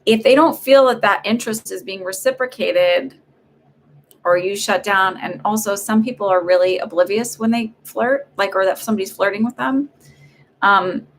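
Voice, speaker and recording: This psychic medium speaks at medium pitch and normal speed, with slight background noise. Doing paid readings on a stream, she rambles in a chatty way, filling gaps and restarting often.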